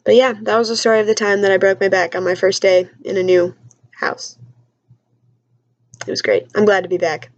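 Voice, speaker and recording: A woman's voice: medium pitch, fairly even intonation, a little fast, pauses often, muffled recording. A young woman telling a story in a chatty, self-mocking vlog from her basement at home, with lots of "like.". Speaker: vlogger.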